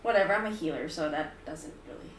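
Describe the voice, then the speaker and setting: A woman's voice: deep voice, fast talker, a little hiss or hum, pitched below the performer's own voice, close to an everyday voice. A woman voicing a grumpy young male healer in a tabletop game, talking in a grudging, dismissive way. Her voice is picked up from a distance in a roomy space. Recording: roomy distant mic, faint ambience.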